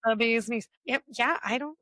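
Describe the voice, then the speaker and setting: A woman's voice: fairly high pitch, moderate pace, fairly bright tone, no room sound. A woman from just outside Philadelphia with a Philadelphia-area accent, a mother co-hosting a casual chat in a wry, teasing way. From Delaware County, near Philadelphia. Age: adult, parent. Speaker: podcast co-host.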